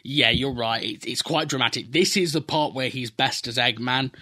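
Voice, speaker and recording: A man's voice: mid-range voice, moderate pace, pushed and bright. A man from the UK co-hosting a casual film review chat, chiming in with opinions and jokes. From United Kingdom. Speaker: podcast co-host.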